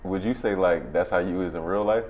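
A man's voice: low voice, fairly quick, a little mellow. A man interviewing a guest casually, often restarting his questions as he asks them.

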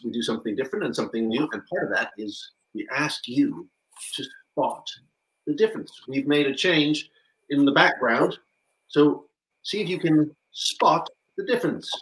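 A man co-hosting a children's music livestream from home, chatty and a little halting. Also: a little high. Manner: chatty, lively, slightly halting. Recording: echoey home room.

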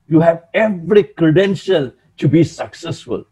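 A male pastor preaching with a high, widely swinging voice. His tone is husky, and he acts out the characters in the passage as he reads it. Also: a little slow. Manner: animated preaching, acting out quoted characters. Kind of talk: sermon.

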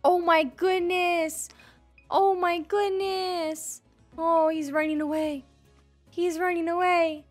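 Young woman, high-pitched, unhurried, bubbly, jokey, squealy let's-play commentary, faint game music. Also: flat delivery. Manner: bubbly, squeals and gasps at cute moments, jokey asides. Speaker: gaming video creator.

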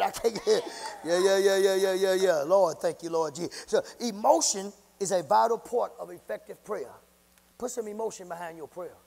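A man preaching a sermon as pastor, calling out to the congregation and often breaking into shouts. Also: high voice, gravelly, long reverb tail. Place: church sanctuary. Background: church congregation.

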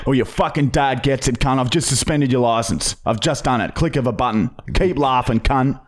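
A man's voice: mid-range voice, normal speed, close to an everyday voice. A man with an Australian accent making a prank call as a crude, menacing male police constable, swearing and threatening. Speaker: podcast host.

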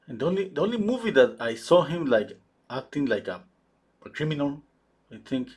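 Male painter, husky voice, halting live-stream chatter with many restarts. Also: fairly high pitch, lively intonation, darkish tone. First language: Spanish. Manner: halting, searches for English words, many restarts. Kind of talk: casual chat while painting live.

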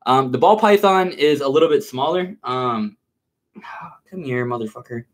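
Unhurried and expressive, a medium-pitched male voice carries a relaxed live stream chat with viewers. He uses plenty of slang, bro and dude included, and becomes nervous and coaxing as he manages a big snake.

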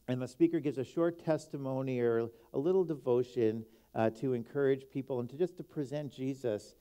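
Male pastor, warm dark tone, casual hesitant pulpit announcements. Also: mid-range voice. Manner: relaxed, halting speech with fillers. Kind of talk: church announcements and introduction.

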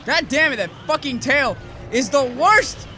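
A man giving profane, excitable commentary while playing a video game, yelling at the monsters. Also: extremely high pitch, unhurried. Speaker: let's play gamer. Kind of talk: gameplay commentary. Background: game music.

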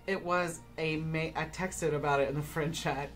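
Low-voiced chatty woman. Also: fairly even intonation, normal speed, faint music behind. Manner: chatty storyteller, many "like" fillers. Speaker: tabletop game player. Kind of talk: casual chat.

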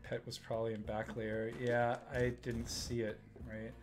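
A man's voice: medium pitch, level tone, normal speed, music in the background. A man hosting a live stream, giving casual gameplay commentary, muttering to himself and chatting with viewers as he plays.

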